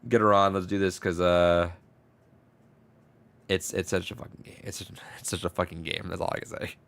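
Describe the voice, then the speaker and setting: A man's voice: low voice, level tone, normal speed, fairly bright tone. A man co-hosting a podcast, telling a story in rambling casual chat, restarting his words and swearing freely. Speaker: podcast co-host.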